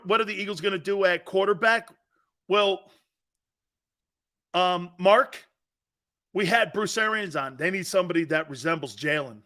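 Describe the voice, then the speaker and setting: A man hosting a sports talk show, loud and jokey, often breaking into laughter. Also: on the high side.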